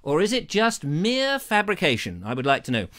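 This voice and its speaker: A man's voice: on the high side, huge pitch swings, normal speed, fairly bright tone. A British man hosting a comic live-stream chat, jokey and theatrical, slipping into silly voices and puns while greeting viewers on a lavalier mic. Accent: British English. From England. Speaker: live show host.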